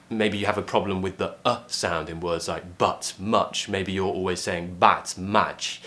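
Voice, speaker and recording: A man with a British RP accent teaching an online pronunciation lesson, clearly modelling vowel sounds. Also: low-pitched, a bit bright. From Britain.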